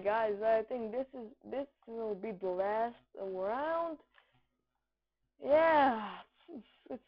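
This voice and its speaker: Woman gamer, high and lively, hollers and swears, muffled lo-fi mic. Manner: excitable, shouting and swearing, making boom sound effects. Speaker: gameplay commentator. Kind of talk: live game commentary. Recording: dull lo-fi recording.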